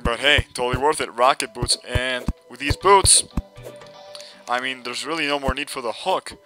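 A young man giving casual, excitable commentary over his own gameplay, laughing often and talking back to enemies on screen, with game music playing behind him. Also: mid-range voice, moderate pace. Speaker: gameplay video host. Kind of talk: casual let's-play commentary.

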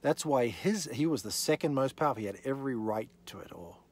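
A man's voice: mid-range voice, expressive, fairly quick, darkish tone, slightly rough. A man teaching the Bible in an evening session, reading scripture aloud and stressing his points with rhetorical questions.

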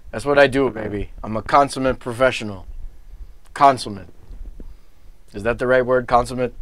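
A man's voice: mid-range voice, fairly bright tone, clear, resonant tone. A man with a Bronx accent hosting a live holiday variety show as a lounge singer, with brash, wisecracking stage patter between songs. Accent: New York (Bronx).

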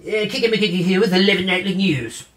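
A man's voice: sits high, fairly quick, fairly bright tone. A young man playing a goofy male chicken news anchor in a homemade comedy skit, rambling and stumbling as he talks. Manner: rambling, stumbling, breaks into laughter. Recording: roomy echo.

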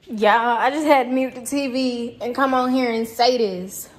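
A woman's voice: fairly high pitch, moderate pace, echoey room. A young woman from Germany chatting bluntly to her viewers while she cooks at home. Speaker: vlogger. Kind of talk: casual vlog chat while cooking. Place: home kitchen.

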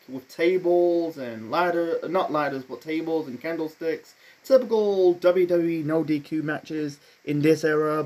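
A man's voice: on the high side, darkish tone. A man giving a casual solo review of a wrestling event, rambling with many fillers and restarts, blunt and offhand.

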